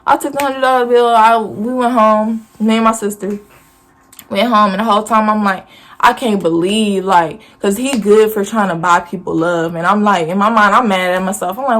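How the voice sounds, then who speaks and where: Speaking straight to camera in a casual storytime vlog, a woman recounts a family story in a blunt, profane, animated way. Her voice sits mid-range and her speed is normal.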